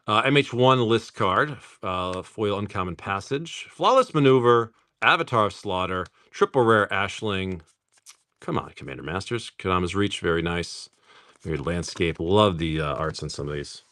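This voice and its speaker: Laughing, joking dad streamer. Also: male voice, fairly low pitch, a bit bright. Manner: jokey, laughs often, swears casually; rattles off card names while opening packs. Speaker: streamer opening card packs. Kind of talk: casual live-stream chat.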